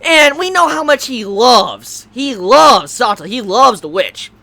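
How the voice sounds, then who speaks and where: Woman vlogger, high voice, animated and profane, prone to shouting bursts. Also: a little slow. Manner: animated, swearing, outbursts of shouting. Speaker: anime reviewer. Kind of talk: casual video review.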